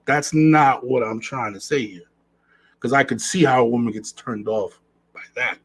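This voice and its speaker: A man's voice: medium pitch, measured pace, husky, low-quality recording. A man hosting a podcast, talking earnestly in a casual monologue and repeating phrases for emphasis. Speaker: podcast host.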